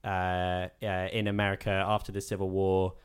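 Smooth low-voiced man riffing jokily. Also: completely flat delivery, moderate pace. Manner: jokey, riffing, with frequent laughter; swears casually. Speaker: podcast co-host. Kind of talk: casual film-review chat.

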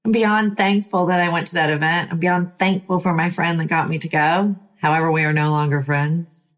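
A woman life coach speaks with a slightly low voice, emphatic and given to sighs. She tells a motivational personal story and breaks into fired-up bursts. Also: steady tone, moderate pace.

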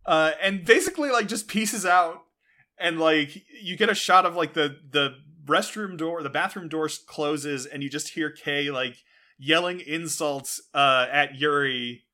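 A man's voice: on the high side, a little slow, sharp tone. A man hosting a podcast, recapping an episode in a rambling way with many fillers and restarts. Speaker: podcast host. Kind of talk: casual show recap.

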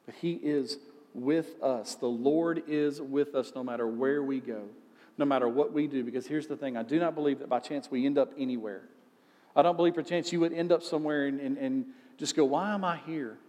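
A man's voice: medium pitch, fairly quick, mellow, long reverb tail. A male pastor giving a sermon in a conversational way, asking rhetorical questions.

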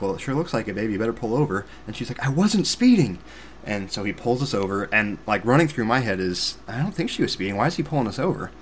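A young man with a fairly low voice tells a story on a podcast. His delivery is casual and animated, self-deprecating, and sprinkled with sarcastic asides. There is a faint hum of noise behind him. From Missouri, USA. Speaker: podcast host.

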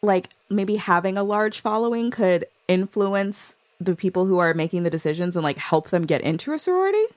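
A woman's voice: mid-range voice, expressive, brisk, a little mellow, no echo. A woman co-hosting a daily news podcast, casual and playful, with hesitant fillers. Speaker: podcast co-host.

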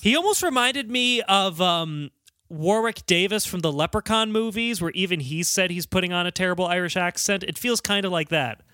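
High, bright-voiced man co-host. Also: animated, normal speed, no room sound, clean studio sound. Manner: hesitant, restarts, amused. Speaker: podcast co-host. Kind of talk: casual podcast chat.

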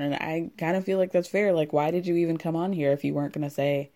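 A woman's voice: deep voice, fairly even intonation, quick pace, dark tone. A woman giving casual, sardonic commentary as she recaps a reality show. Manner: sardonic, chatty, exasperated.

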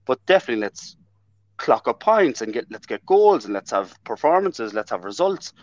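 A man with an Irish accent talking as a fan guest on a video call, animated and full of restarts and "like" fillers. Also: medium pitch, moderate pace, no echo, highs cut off. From Ireland. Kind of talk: casual chat.

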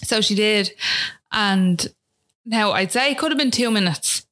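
A woman's voice: medium pitch, measured pace, a bit bright. An Irish woman speaking as a guest, telling a personal story in a chatty, casual way that is full of fillers. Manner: chatty, fills talk with "like" and "do you know what I mean".

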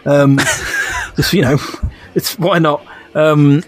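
A man's voice: a little high, steady tone, extremely slow. A man co-hosting a podcast in casual, enthusiastic chat, often laughing. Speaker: podcast co-host.

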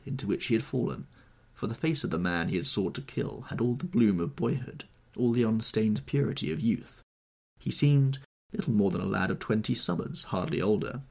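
A man with a deep voice reads a classic novel aloud as the narrator and host of a storytelling podcast. His reading is expressive and dramatic, with a wide, lively pitch. The tone is gravelly and husky.

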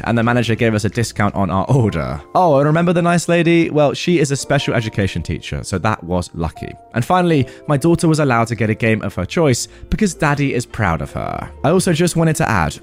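A man hosting a storytelling channel reads a submitted story aloud. His pitch swings widely as he narrates. Faint music plays underneath. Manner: lively, animated storytelling. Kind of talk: reading a reddit story aloud.

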